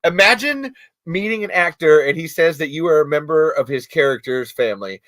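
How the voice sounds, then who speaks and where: A young man hosting a loose, joking podcast chat, with a bright, forceful voice sitting a little high. He rambles, swears and clowns around. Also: expressive, fairly quick. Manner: playful, swearing, goofy bits and sung snippets. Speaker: podcast host. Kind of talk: casual chat.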